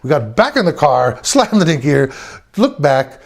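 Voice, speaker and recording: A man telling a personal family story, animated, acting out the quotes and chuckling often. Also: fairly high pitch, measured pace, vocal fry.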